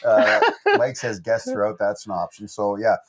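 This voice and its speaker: A man co-hosting a podcast, answering viewer questions by name in relaxed casual chat. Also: fairly low pitch, moderate pace. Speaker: podcast co-host.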